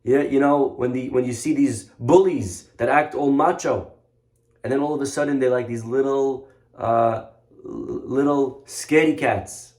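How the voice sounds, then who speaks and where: A rabbi giving a lively sermon, telling a story with mocking humor and dramatic emphasis. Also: male voice, mid-range voice, unhurried. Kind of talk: animated sermon.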